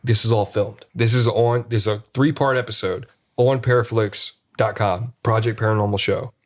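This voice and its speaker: A man, a paranormal investigator, casually retelling an investigation with animated re-enacted dialogue. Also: on the low side, normal speed. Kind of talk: casual storytelling.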